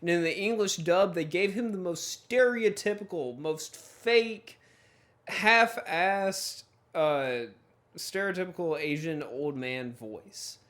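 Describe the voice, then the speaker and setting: A man's voice: high-pitched, slow, fairly bright tone. A man co-hosting a podcast, giving a rambling, opinionated critique in casual chat. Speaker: podcast co-host.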